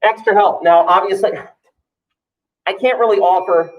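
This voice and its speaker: A man's voice: sits high, fairly even intonation, normal speed, muffled recording. Joking male math teacher, roomy classroom. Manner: joking, offhand, self-mocking asides. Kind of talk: classroom talk to students, livestreamed.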